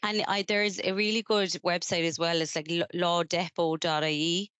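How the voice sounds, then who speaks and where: Lady host, lowish voice, super smooth and clear, dry close mic, chatty advice. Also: level tone, moderate pace, a bit bright, no echo. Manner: practical advice-giving, fillers and repeats. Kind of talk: casual business chat.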